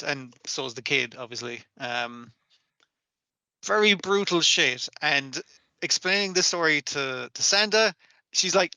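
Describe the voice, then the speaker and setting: A man's voice: fairly high pitch, lively intonation, unhurried, pushed and bright, no echo. A man co-hosting an anime podcast, chatting casually and swearing a lot while acting out characters' lines. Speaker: podcast co-host. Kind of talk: casual chat recapping anime.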